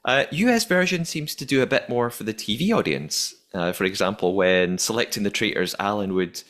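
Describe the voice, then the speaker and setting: A man's voice: fairly low pitch, animated, a little fast, a bit bright. A man hosting a podcast in casual chat, laughing often and restarting sentences. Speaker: podcast host.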